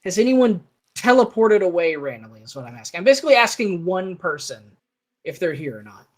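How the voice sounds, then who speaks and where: Game master, man, fairly high voice, loose rambling delivery with restarts. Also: sing-song, fairly quick. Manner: rambling, with frequent restarts and asides. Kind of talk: narrating a tabletop game on a live stream.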